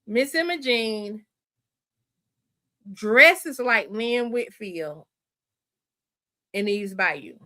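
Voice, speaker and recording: A woman hosts a loose, chatty livestream with a bright, ringing voice. She thinks out loud, backtracks, and keeps turning to her viewers as y'all and honey. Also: medium pitch, expressive, extremely slow, pauses often. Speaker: livestream host. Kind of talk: casual livestream chat with viewers.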